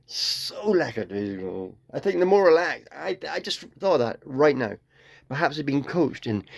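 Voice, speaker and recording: A man's voice: medium pitch, gravelly. A man in a rambling, free-associating comic monologue that jumps playfully between tangents. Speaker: comedian.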